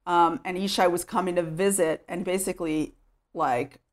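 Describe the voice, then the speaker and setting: A woman from Texas with a somewhat low voice talks through her life story in a relaxed interview. She is recorded at home and leans on "like" as she goes. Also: moderate pace. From Sherman, Texas, US. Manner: chatty, with many "like" fillers. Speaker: interview guest.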